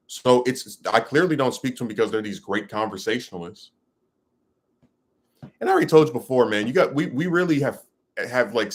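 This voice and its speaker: A man giving ranting commentary to his audience, emphatic and rambling, with many restarts. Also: fairly low pitch.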